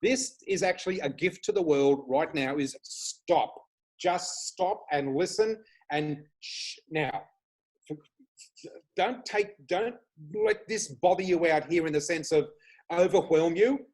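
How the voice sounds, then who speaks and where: An Australian man guesting on a video podcast, talking with lively, excitable enthusiasm about spiritual matters. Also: on the high side, slow, poor audio. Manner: enthusiastic, excitable, laughs often. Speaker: flower reader guest. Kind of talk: casual spiritual chat.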